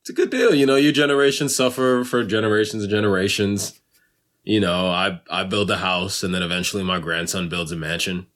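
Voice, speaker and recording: Guy cohosting a podcast, slangy and joking around, bright voice. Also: sits low. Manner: animated, slangy, does jokey voices. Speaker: podcast co-host. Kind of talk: casual chat.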